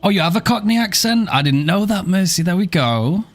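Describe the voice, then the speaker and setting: A man's voice: high-pitched, lively intonation, brisk. A man live-streaming a game, chatting casually and playfully, joking and thanking viewers by name, with casual swearing.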